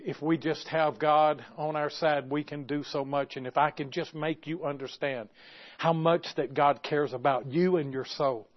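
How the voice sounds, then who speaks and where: A man preaching a sermon, moving from quiet, hushed storytelling to loud, impassioned exhortation. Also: on the high side, steady tone, normal speed. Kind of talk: sermon with stories. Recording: dull lo-fi recording.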